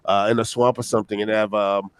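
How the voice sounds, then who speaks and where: A man's voice: on the low side, little pitch movement, quick pace, clear, resonant tone, no echo. A young man chatting casually on a group call, rambling with lots of fillers and acting out quotes.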